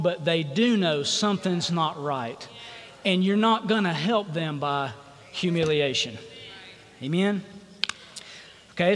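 A man's voice: high-pitched, fairly bright tone. A man preaching a sermon as pastor, calling out to the congregation for responses. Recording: reverberant hall sound.

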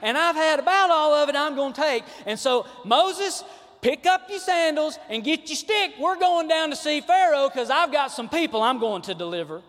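A fed-up, commanding God voiced by a man roars out orders in a Southern country drawl. The voice sits high and carries hard. A long hall echo trails behind it. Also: lively intonation, moderate pace, fairly bright tone. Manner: booming, folksy country drawl. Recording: echoey large hall.

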